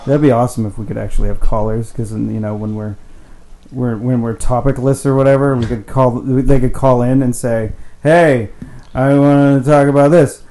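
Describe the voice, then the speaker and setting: A man's voice: mid-range voice, steady tone, normal speed, dark tone. A man co-hosting a casual podcast, rambling and swearing freely, trailing off mid-thought. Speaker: podcast co-host. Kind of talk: casual banter.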